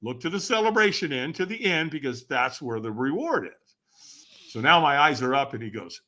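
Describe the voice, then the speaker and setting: A man guesting on a podcast, telling a story with animated energy and acting out the dialogue. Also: medium pitch, normal speed. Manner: acts out quoted dialogue, emphatic and lively.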